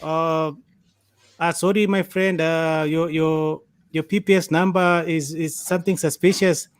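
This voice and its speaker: A man's voice: on the high side, fairly even intonation, smooth, dry recording, clean studio sound, voice pushed up, close to an everyday voice. Man putting on a pushy scammer with an Indian accent. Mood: fake friendly. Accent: Indian, put on. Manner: hurried, pressing for a number. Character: pushy male phone scammer, insistent.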